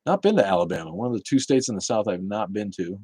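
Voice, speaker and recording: A man's voice: fairly low pitch, animated, fast, a little mellow, slightly rough, no room sound. A man hosting a casual livestream, chatting bluntly with viewers, swearing and laughing often. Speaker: livestream host reading chat.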